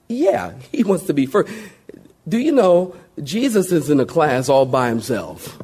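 A male pastor delivers a lively, animated sermon in a high, husky voice that leaps up and down in pitch. He banters with folksy humor, asks the congregation for amens in call-and-response, and sometimes sinks suddenly into a slow, quiet, solemn hush.

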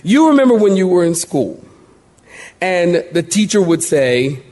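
A middle-aged pastor preaching verse by verse to a live congregation. His voice sits a little high for a man, and he keeps calling for amens and answers. The sound is lively, delivered from a church sanctuary. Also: unhurried. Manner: animated, call-and-response with congregation. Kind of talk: verse-by-verse sermon, recorded live.

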